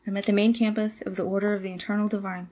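A woman's voice: medium pitch, little pitch movement, very fast, dark tone, natural voice. A woman in her twenties playing a nervous young cult initiate who stammers, apologizes and tries hard to please. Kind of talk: audio drama monologue.

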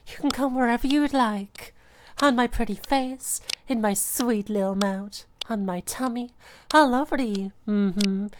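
A young woman voicing a submissive, adoring catgirl pet in an intimate audio role-play, breathy and pleading. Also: on the high side, measured pace, noisy background, natural voice. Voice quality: breathy, sighing. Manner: pleading, devoted.

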